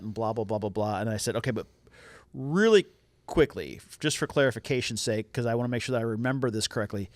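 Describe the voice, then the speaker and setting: A man's voice: mid-range voice, fast, dry recording. A middle-aged man co-hosting a podcast, telling a family story in a candid, self-deprecating way and swearing freely. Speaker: podcast co-host. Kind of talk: casual storytelling chat.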